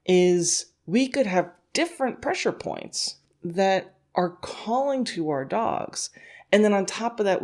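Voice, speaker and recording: A woman's voice: on the low side, darkish tone. A woman hosting a dog-training podcast, talking casually and laughing often as she acts out a dog's thoughts in little quoted voices. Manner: conversational, thinks aloud with "you know" and "like". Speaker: dog scent work instructor and podcast host. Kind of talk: casual instructional podcast talk.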